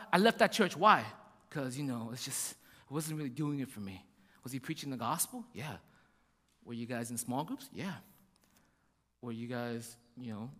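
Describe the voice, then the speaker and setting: A man preaching a sermon, animated and full of rhetorical questions, acting out little voices as he goes. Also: sits high, long reverb tail. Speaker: pastor.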